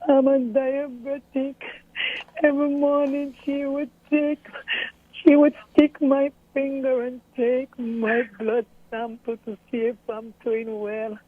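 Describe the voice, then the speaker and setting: High-voiced woman over a phone. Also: slow, no echo. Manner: earnest, storytelling, animated retelling. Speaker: grieving mother interviewee. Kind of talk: recounting events in an interview. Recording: tinny phone-like audio.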